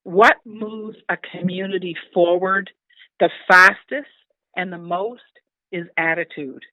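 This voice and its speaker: A woman's voice: lowish voice, steady tone, takes it slowly, dry recording. An older woman, a town mayor, speaking earnestly and from the heart in a casual interview, often restarting her sentences. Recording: tinny phone-line audio.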